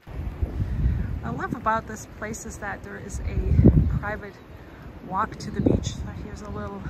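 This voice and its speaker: A woman talks to her camera on a forest hill, out of breath from hiking and chatty, with lots of fillers. Loud wind noise rushes behind her voice. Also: mid-range voice, little pitch movement. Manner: chatty, upbeat, many fillers. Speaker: vlogger. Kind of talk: casual travel vlog.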